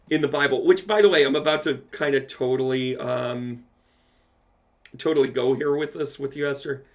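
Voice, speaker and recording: A man's voice: mid-range voice, creaky, fairly bright tone. A man hosting a casual livestream Q&A as a medium, reading out viewer comments and answering them with playful asides. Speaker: medium answering live chat questions.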